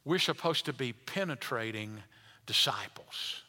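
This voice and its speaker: Pastor, man, bright tone, emphatic sermon delivery, reverberant church hall. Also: mid-range voice, animated, a little slow. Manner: emphatic, repetitive preaching with rising intensity.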